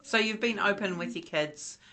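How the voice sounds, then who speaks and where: A woman's voice: medium pitch, normal speed, bright, forceful tone. A woman interviewing in a casual chat, asking questions and summing up what she hears, laughing along.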